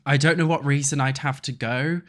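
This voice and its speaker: A man's voice: mid-range voice, fairly even intonation, brisk. A young British man from England chatting casually while playing a building game. He rambles and swears freely. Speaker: gaming YouTuber.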